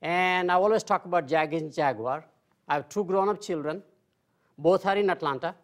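A marketing professor in his sixties lectures informally and very conversationally, at a moderate pace. He slips dry, self-deprecating jokes into his points and speaks to the audience like a friendly teacher.

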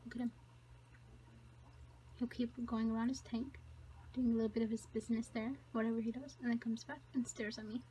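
A young woman vlogging casually, rambling in a self-conscious way and often dropping to a hushed voice, filmed on a handheld phone out at a beach, in a car and at a gym. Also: fairly high pitch, level tone, brisk, pauses often, slight background noise, rough recording. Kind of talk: casual vlog chat.

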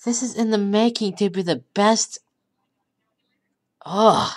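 A woman giving casual commentary over her own gameplay, swinging from quiet hoping to gleeful cheering and calling her viewers dudes. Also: medium pitch, fairly even intonation, normal speed. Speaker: gameplay video creator.

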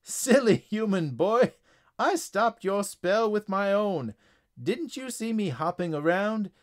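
A man voicing a gloating, cackling frog villain in a storybook reading, taunting and slow. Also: high voice, expressive, pitched above the performer's own voice.

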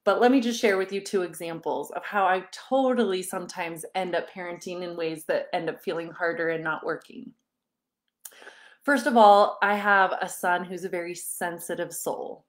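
A woman in her thirties coaching parents in a live online session, talking casually to her audience. She tells stories with frequent little laughs. She slips into animated voices when she quotes people. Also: lowish voice, normal speed. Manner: warm, chatty storytelling with frequent laughs.

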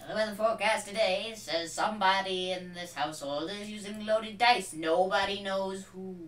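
A woman voicing a smooth-talking male TV weatherman with a mid-Atlantic announcer accent, delivering a mock-formal forecast in a playful impression. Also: medium pitch, level tone, takes it slowly, distant mic, noisy background, close to an everyday voice. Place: home room.

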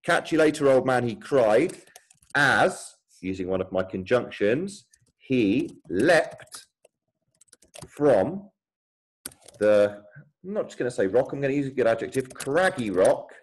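A man's voice: mid-range voice, big pitch swings, measured pace, long pauses, a little mellow, slightly rough, low-quality recording. A man, a primary school teacher thinking aloud and explaining as he types a writing lesson for children.

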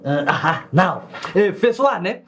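A man's voice: sits high, expressive, measured pace, fairly bright tone, slightly rough, heavily acted. A man playing a scheming young male student who hedges with constant "eh" fillers. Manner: hesitant, full of "eh" fillers. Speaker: student in a college drama. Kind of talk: TV drama acting.

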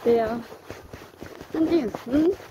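A woman rides her pony down a road outdoors, giving it short coaxing commands and scolding it when it acts up. Her voice sits fairly high and her words come slowly. Loud outdoor noise from the ride is clear behind her. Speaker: horse rider and vlogger. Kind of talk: talking to her pony while riding.

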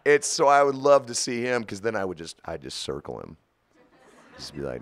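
A man in his forties, the guest of an interview, telling stories in an animated, profane way with frequent laughter. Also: on the low side, normal speed. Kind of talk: storytelling interview.

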